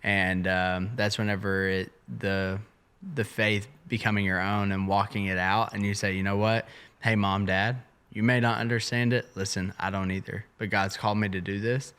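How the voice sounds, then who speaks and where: Young man, low bright voice, smooth and clear, earnest casual faith talk, hesitant fillers. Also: level tone, normal speed. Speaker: church ministry podcast co-host.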